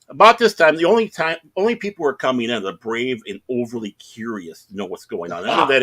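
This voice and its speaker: A middle-aged man co-hosting a podcast, telling rambling, animated anecdotes in casual chat. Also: medium pitch. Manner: rambling, animated anecdotes with self-quotes and laughs. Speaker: podcast co-host.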